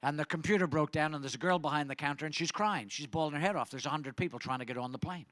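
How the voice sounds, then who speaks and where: Stand-up comic with a bright voice. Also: male voice, a little high, fast talker, no echo. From Ireland. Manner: rambling, chatty, teasing the audience. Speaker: stand-up comedian. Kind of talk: stand-up comedy set.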